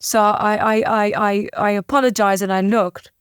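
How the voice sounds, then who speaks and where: A woman's voice: mid-range voice, little pitch movement, clean tone, dry recording. Tearful woman with a dry close sound. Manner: halting, emotional retelling with many restarts. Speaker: podcast guest. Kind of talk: emotional interview storytelling.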